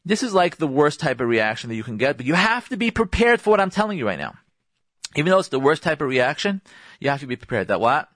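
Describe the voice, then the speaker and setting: A man's voice: a little high, big pitch swings, quick pace, a bit bright, no room sound. A man hosting a radio advice show, talking emphatically and repeating his points to listeners, with Hebrew religious terms mixed into his speech. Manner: emphatic, repetitive, addresses listeners directly. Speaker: radio host giving marriage advice.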